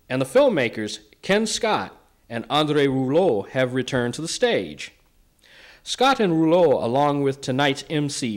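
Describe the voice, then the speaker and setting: Lively male presenter narrating segments. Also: medium pitch. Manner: measured, presenter-like. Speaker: event co-host.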